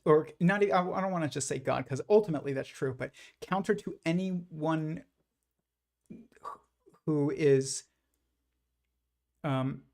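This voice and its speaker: A man with a gravelly, fry-edged voice that sits a little high for a man. He muses out loud on his livestream at a loose, rambling pace, backing up and restarting his sentences as he thinks. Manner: rambling, reflective, many fillers and restarts. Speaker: livestream host. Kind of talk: casual livestream monologue.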